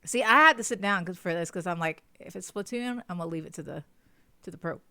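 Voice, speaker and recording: A congested woman co-hosting a podcast in casual chat, chatty and quick to giggle. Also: fairly low pitch, pushed and bright, no echo. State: congested, sniffly. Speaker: podcast co-host.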